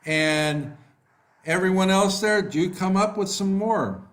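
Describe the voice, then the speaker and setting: A man teaching a live online class. He reads out student answers and praises them by name, talking slowly with many fillers. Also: sits high, fairly bright tone. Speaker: online English tutor. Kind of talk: live online class, reading chat replies.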